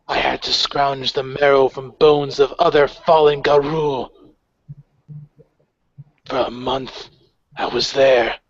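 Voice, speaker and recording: A man voicing a gaunt, defiant female werewolf warrior who declaims slowly and proudly. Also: a little high, vocal fry, a bit bright, heavily acted. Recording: dry, muffled lo-fi audio.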